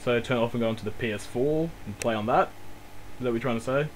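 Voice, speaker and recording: A man calmly teasing back at an insulting player in online game voice chat. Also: medium pitch, fast talker, very noisy. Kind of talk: voice chat banter.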